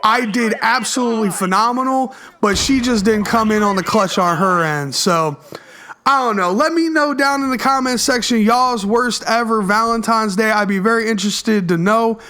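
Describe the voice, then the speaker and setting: High-voiced young man telling a story. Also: normal speed. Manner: slangy, profane, animated storytelling. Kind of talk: storytime vlog over gameplay.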